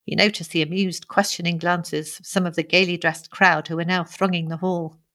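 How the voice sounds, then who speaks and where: A woman narrating a novel in an even, measured reading style. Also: lowish voice. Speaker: audiobook narrator. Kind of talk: scripted narration.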